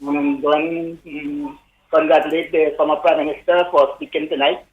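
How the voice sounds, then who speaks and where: A man's voice: on the high side, flat delivery, normal speed, slight background noise. A man calling into a radio show who speaks hesitantly and uses many fillers. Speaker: caller. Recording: muffled phone line.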